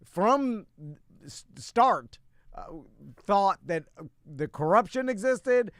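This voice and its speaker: A man from Miami co-hosting a podcast, laughing easily and talking in halting, filler-filled casual chat. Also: high voice, animated, fairly bright tone, dry recording, studio quality. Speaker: podcast co-host.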